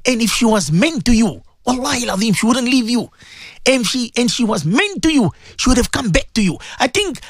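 A man's voice: sits high, a bit bright, no room sound, clean studio sound. A man hosting a radio talk show as a Muslim cleric, telling a story with emotion and religious phrases.

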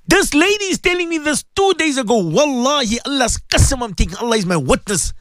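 A man's voice: extremely high pitch, sing-song, a little fast, few pauses, fairly bright tone, dry recording. Fervent male radio preacher, dry sound. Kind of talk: radio sermon.

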